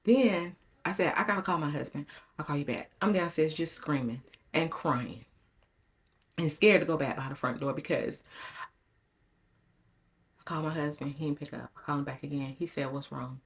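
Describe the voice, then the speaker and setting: A woman's voice: sits low, normal speed, pauses often. A middle-aged woman, talking to viewers in a casual vlog, telling a story dramatically with repeated phrases while her voice trembles. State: shaken, voice trembling. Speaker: lifestyle vlogger.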